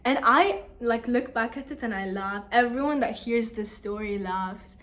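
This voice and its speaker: A young woman vlogger telling a story to the camera in a casual, animated, exasperated way. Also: a little high, normal speed.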